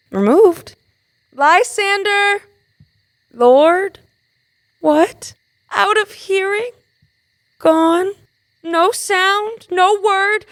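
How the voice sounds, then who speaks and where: A woman's voice: extremely high pitch, fairly bright tone, no room sound, studio quality, exaggerated voice. An actress playing a modest young noblewoman in a college stage play, earnest and pleading. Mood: frantic.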